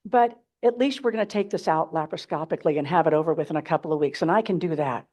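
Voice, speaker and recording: As the keynote speaker on a symposium stage, a woman shares her personal story with a live audience, candid and dramatic. Her voice is deep and a little mellow, and she talks fast.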